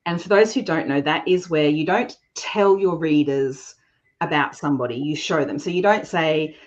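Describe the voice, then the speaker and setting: A woman hosting a book podcast, asking questions with eager praise for her guest. Her voice sits low for a woman. The sound is dull and a little lo-fi. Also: normal speed. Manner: enthusiastic, complimentary questioning. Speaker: podcast host. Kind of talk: interview hosting.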